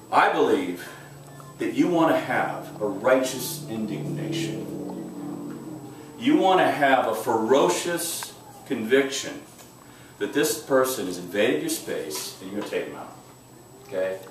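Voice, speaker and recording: A man's voice: lowish voice, animated, slow, pauses often. Male self-defense instructor, emphatic and direct, heard from a distance in a very echoey room. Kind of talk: teaching a class. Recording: echoey room, mic far off, faint noise.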